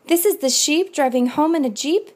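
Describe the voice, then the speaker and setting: A woman volunteer reading a rhyming picture book aloud, slow, rhythmic and expressive. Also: high voice. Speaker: volunteer reader.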